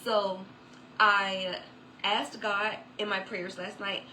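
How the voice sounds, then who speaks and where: A woman's voice: mid-range voice, little pitch movement, takes it slowly, bright, forceful tone, a little hiss or hum, rough recording. A woman telling a personal faith testimony in a chatty way, with many fillers and asides. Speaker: author giving a testimony.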